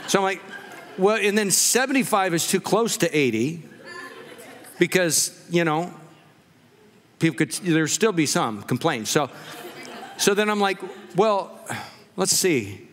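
A male pastor preaching a sermon, telling jokey personal stories in a relaxed conversational way. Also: high-pitched, a little slow, long pauses, long reverb tail. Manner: conversational storytelling with jokes. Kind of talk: humorous sermon. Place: church sanctuary.

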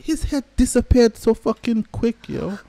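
A man hosting an anime reaction, swearing freely and breaking into shouts and laughter between calmer remarks. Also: very high voice, a little slow, creaky. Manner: excitable, profane, bursts into shouts and laughter. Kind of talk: live reaction commentary. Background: faint anime soundtrack playing.

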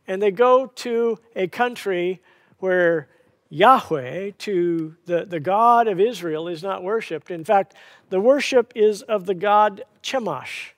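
Male pastor, high voice, storytelling sermon with rhetorical questions. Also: takes it slowly, in a large hall.

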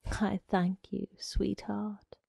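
A woman's voice: mid-range voice, flat delivery, very slow, creaky, mellow, slightly rough, dry recording, clean studio sound, heavily acted. A woman reading aloud, voicing a pushy young man who coaxes and threatens by turns. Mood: wheedling. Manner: wheedling and pushy, slipping into threats. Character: menacing young man, smooth-talking stalker.

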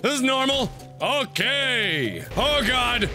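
A man giving goofy, excitable gameplay commentary with frequent exclamations and swearing. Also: very high-pitched, takes it slowly, hardly any pauses, music in the background.

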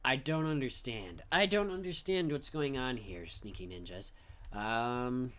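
Young man, gaming commentary, rambling, goofy, swooping pitch, mumbles under breath. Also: a bit bright. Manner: rambling, goofy, trails off and slips into whispery mumbling. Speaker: gaming channel host. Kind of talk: casual let's-play commentary.

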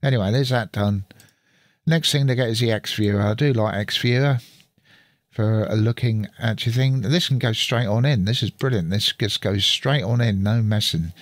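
Chatty man, low dry voice. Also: moderate pace, no room sound. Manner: chatty, thinks aloud while working. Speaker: channel host. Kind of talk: casual screen-recording walkthrough. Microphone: studio mic through an audio interface.

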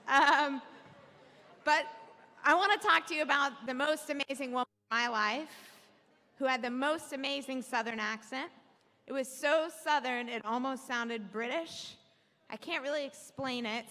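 On stage in a large hall with an audience, this young Alabama policy analyst speaks at a moderate pace in a high, bright, forceful voice. She's candid, starting with jokes and growing earnest, and the hall sounds echoey.

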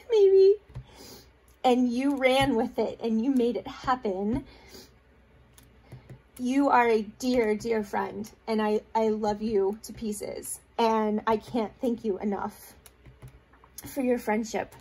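A woman's voice: a little high, darkish tone, slightly rough. A woman hosting a crafting vlog, gushing and rambling as she shows off gifts she received in the mail. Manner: gushing, rambling with fillers and restarts. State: tearful, holding back crying. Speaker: crafting video host. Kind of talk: casual show-and-tell of mail.

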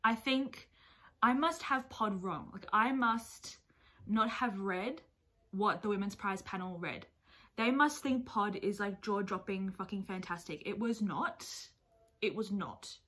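Bright-voiced, expressive woman book vlogger. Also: mid-range voice, a little slow. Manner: expressive and chatty, swears freely. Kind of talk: casual reaction vlog. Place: at home with her dog nearby.

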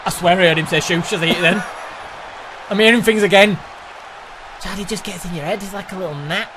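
A man co-hosting a wrestling video game, reacting with loud excitement and laughter as he plays. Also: sits high, brisk, background noise. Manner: animated, yelling and laughing at chaos. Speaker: gaming co-host. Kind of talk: excited gameplay commentary.

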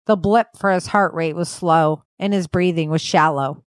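A woman host and author narrating her own novel in an even, measured reading. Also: low-pitched, dry recording. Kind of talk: scripted audiobook narration.

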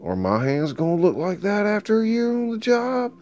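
A man's voice: high voice, sing-song, moderate pace, darkish tone, a little hiss or hum, voice pushed up. A man voicing a cocky young dock hand who talks in brash, profane, sarcastic lines.

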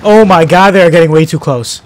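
A man giving live commentary as he plays a shooter game, swinging between shouting at enemies and muttering to himself. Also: fairly high pitch, a little fast, a little hiss or hum. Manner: excitable, yelps and shouts at enemies, then mutters. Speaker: gaming channel host.

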